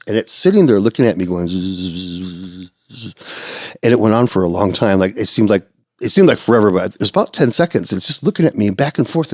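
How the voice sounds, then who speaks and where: A man telling his recovery story in a casual podcast chat, acting out sounds and quotes and jumping into a high, excited voice. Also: dry recording, studio quality. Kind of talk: animated personal storytelling.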